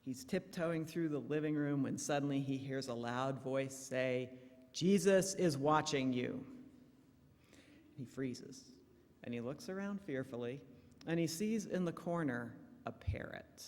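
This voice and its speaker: A woman's voice: very deep voice, moderate pace, in a large hall. A woman minister giving a sermon in a church, telling jokes in a storytelling manner. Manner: warm storytelling, lively shifts in loudness. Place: church sanctuary.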